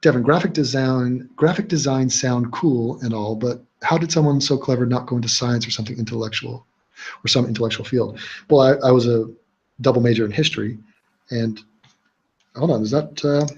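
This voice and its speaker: Young guy rambling on his livestream, kinda husky voice, dull lo-fi sound, lots of ums and restarts. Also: mid-range voice, normal speed, darkish tone. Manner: rambling, blunt, frequent fillers and restarts. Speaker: livestream host. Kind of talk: casual livestream chat.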